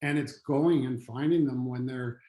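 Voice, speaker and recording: A middle-aged man, a retired firefighter who now trains people on trauma and resilience, telling a personal story in a halting, earnest way with frequent restarts. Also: medium pitch, dark tone, roomy sound, rough recording.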